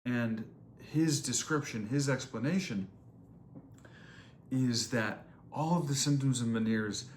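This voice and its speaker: A young man talks casually to the camera, rambling and restarting his sentences as he tells what happened to him. His pitch sits in the middle for a man. A faint hiss runs under the quick, homemade recording. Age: 20s. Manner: rambling, repeats words, many fillers. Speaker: vlogger. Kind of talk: casual personal story to camera. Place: on a surf trip. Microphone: phone or camera, quickly made video.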